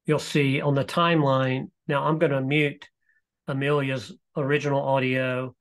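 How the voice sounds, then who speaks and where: A man presenting a live webinar, walking through software in a relaxed, explanatory way with frequent fillers. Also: mid-range voice, moderate pace. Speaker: presenter demonstrating e-learning software.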